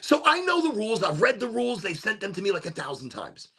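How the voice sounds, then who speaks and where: A man's voice: sits high, very animated, fast, gravelly, sharp tone, breathy edge. A man hosting a podcast, casually telling a rambling story with frequent laughs. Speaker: podcast host and youth soccer coach. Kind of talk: casual chat.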